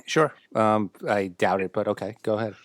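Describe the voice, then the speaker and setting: A man's voice: on the low side, normal speed, dry recording. A man hosting a podcast, chatting casually with a dry, grumbling manner. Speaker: podcast host.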